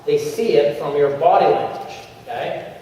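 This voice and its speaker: A man giving an energetic coaching talk to a convention crowd, acting out little scenes in changing voices. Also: a little high, normal speed, a little hiss or hum. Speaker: motivational speaker at a sales convention. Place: large convention hall. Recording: echoey convention hall, far from the mic, dull sound.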